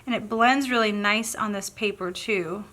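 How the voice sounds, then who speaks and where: A woman's voice: medium pitch, normal speed, bright, forceful tone. A woman with a Southern accent chatting casually through a painting tutorial, bubbly and thinking aloud as she works. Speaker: craft tutorial host.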